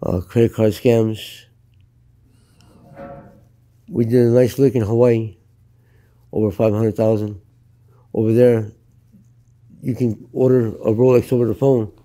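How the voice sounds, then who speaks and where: A man's voice: mid-range voice, fairly even intonation, unhurried, pauses often, warm tone. A middle-aged man from the United States, telling his life story in an interview in a blunt, profane, matter-of-fact way. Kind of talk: candid storytelling. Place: Los Angeles.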